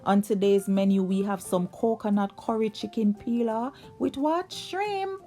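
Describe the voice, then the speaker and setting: A woman's voice: medium pitch, fairly even intonation, moderate pace, warm tone, soft background music. A young woman, hosting a cooking vlog in an upbeat, chatty way and drawing out her words. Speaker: cooking channel host. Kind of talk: casual cooking vlog narration.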